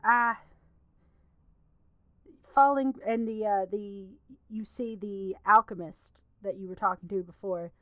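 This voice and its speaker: A woman narrating a tabletop game as game master, unhurried and halting. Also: medium pitch, steady tone, clean tone, dry recording, muffled recording.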